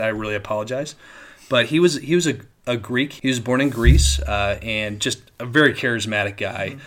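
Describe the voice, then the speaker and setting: A man's voice: medium pitch, fairly bright tone. A man co-hosting a podcast, telling a history story in a casual, rambling way, with many restarts. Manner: rambling with frequent restarts and laughs. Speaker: podcast co-host.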